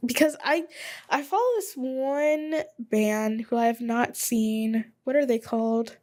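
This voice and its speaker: A woman in her twenties hosting a casual solo podcast, rambling and chatty, thinking out loud as she goes. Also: a little high, steady tone, measured pace. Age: 20s. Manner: rambling, chatty, thinks aloud while looking things up. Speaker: podcast host.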